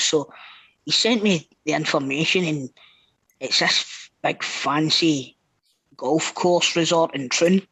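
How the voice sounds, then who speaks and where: A Scottish man co-hosting a podcast, telling stories in a casual, sweary, animated way. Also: fairly high pitch, measured pace, no echo, rough recording. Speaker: podcast co-host. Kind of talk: casual storytelling.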